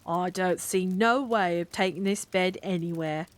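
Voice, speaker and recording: A woman's voice: fairly low pitch, measured pace, lightly acted. A woman reading a story aloud, voicing a stubborn middle-aged policeman who blusters in sarcastic, ungrammatical speech. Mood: stern. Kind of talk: cozy bedtime read-aloud.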